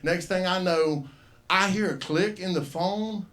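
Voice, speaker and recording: This open mic host from the US South has a high-pitched, somewhat bright voice and a measured pace, rambling through a profane story on a comedy club stage. It's stand-up storytelling, with him acting out each voice.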